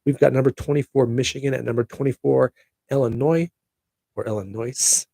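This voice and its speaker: A middle-aged podcast host chats upbeat and casual on his solo show, throwing in jokey asides at a quick clip. His gravelly, warm voice sits mid-pitch with little pitch movement, recorded dry and close with no room echo.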